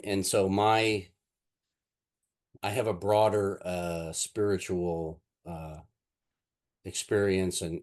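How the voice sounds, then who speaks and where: Low deep-voiced guy teaching, rambly, lots of um and you know, telling stories. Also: a little mellow. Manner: rambling, many fillers and restarts. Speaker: NLP instructor. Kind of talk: casual teaching talk with anecdotes.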